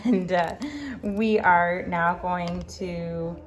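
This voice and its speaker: A woman's voice: medium pitch, normal speed, slight background noise. Chatty woman vlogging a kitchen recipe. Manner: chatty, joking asides, frequent ums. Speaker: home cooking vlogger. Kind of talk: casual home cooking demo.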